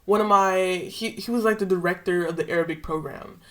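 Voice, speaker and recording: A woman's voice: on the low side, a little fast. A young woman vlogger casually retelling a personal story with slang and emotion.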